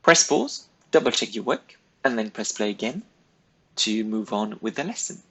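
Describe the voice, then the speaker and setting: A man's voice: fairly low pitch, expressive, moderate pace, bright, forceful tone, poor audio. A man teaching a recorded French lesson, giving patient, step-by-step instructions to pupils. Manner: patient, step-by-step, clearly paced directions to pupils.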